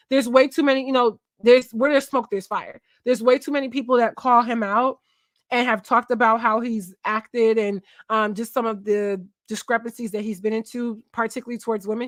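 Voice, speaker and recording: A woman's voice: on the high side, moderate pace, a bit bright, no room sound. Young woman host, casual gossip stream, chatty, dry close sound. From Philadelphia, USA. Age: 20s. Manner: chatty, talks to chat, trails off and searches aloud. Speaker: livestream host.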